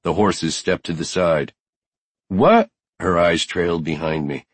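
A man's voice: sits low, little pitch movement, moderate pace, husky, dry recording. A man narrating a first-person audiobook with tense, driven storytelling.

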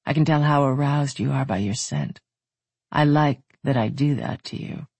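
A narrator voicing a strong, tender, confident man who talks in a low rumbling murmur, read in a dry, husky voice. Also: normal speed, a little mellow, no room sound.

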